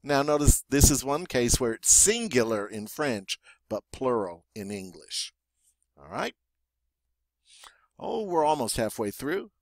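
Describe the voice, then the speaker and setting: Man teaching French vocabulary, unhurried. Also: mid-range voice, very animated, dry recording. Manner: says each French word slowly twice, then explains in English with dry jokes. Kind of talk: classroom vocabulary lesson.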